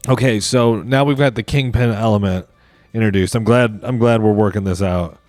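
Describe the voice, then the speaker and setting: A man's voice: on the low side, moderate pace, a little mellow, dry recording. A man hosting a comedy podcast solo, rambling and cursing as he makes up a movie plot on the spot. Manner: rambling, profane, improvising a plot aloud. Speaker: podcast host. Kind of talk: casual comedic riffing.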